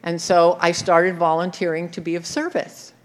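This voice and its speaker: A woman's voice: fairly low pitch, little pitch movement, moderate pace. A woman telling a personal recovery story in a wry, self-mocking way, often breaking into laughter. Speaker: speaker sharing her recovery story.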